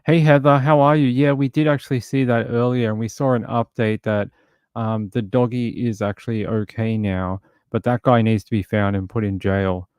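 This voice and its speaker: Brief: male live stream host, conversational, reads chat, dry close mic, mid pitch. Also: steady tone, moderate pace, darkish tone, clear, resonant tone, no echo. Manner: chatty, reads viewer comments aloud.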